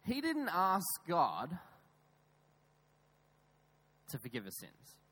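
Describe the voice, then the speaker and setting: A man preaching a sermon in a church, emphatic, with raised stresses that drop into quiet, low asides. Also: huge pitch swings, a little slow, slightly rough, poor audio. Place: church with screens.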